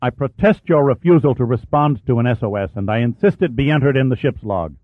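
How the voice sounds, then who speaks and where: A man's voice: medium pitch, expressive, fairly quick, no room sound, lightly acted. Man doing a stubborn officer, firm and insistent, tinny phone-like sound. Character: stubborn dutiful male ship's officer. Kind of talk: audiobook character voice.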